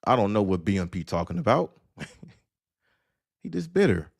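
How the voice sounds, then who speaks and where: A man hosting an audio-only live stream, ranting sarcastically and lecturing the listener bluntly. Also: medium pitch. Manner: blunt, addresses listener directly. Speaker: host. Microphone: audio-only stream mic.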